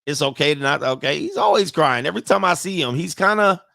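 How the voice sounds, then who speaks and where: A man hosting casual sports commentary, animated and laughing often, with sudden high-pitched outbursts. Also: fast talker, gravelly, dry recording, studio quality.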